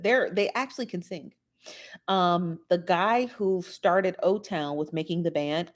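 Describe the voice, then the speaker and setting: A woman's voice: fairly low pitch, a little mellow. A woman, chatting animatedly as a podcast co-host and laughing often. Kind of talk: casual chat.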